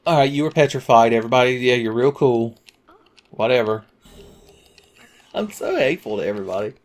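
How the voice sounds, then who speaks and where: Man, game commentator, sarcastic profane banter, mid-pitched voice. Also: lively intonation, a little fast. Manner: sarcastic, profane, rambling jokes. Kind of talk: let's play commentary.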